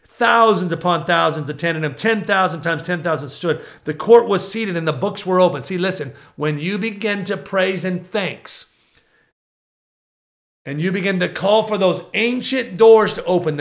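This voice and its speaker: A middle-aged man preaching a sermon, fervent, swinging between loud proclaiming and hushed, intimate passages. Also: high-pitched, lively intonation, moderate pace.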